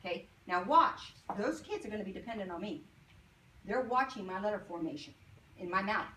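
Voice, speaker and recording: A woman teaching a phonics lesson to young children, sounding out words slowly and asking coaxing questions. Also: mid-range voice, expressive, pushed and bright. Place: classroom. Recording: roomy classroom from far off, faint noise.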